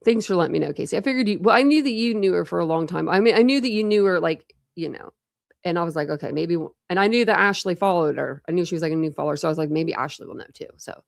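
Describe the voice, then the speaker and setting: A woman's voice: fairly low pitch, animated, quick pace, vocal fry, dry recording. Chatty woman host, dry close sound. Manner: rambling, thinks aloud with many restarts. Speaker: true crime livestream host. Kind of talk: casual chat with live viewers.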